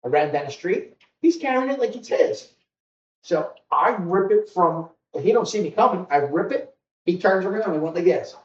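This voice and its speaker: A man who hosts a podcast and works as a corrections officer, telling a long casual story in an animated way and retelling conversations. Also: sits high, moderate pace. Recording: echoey, distant, dull sound.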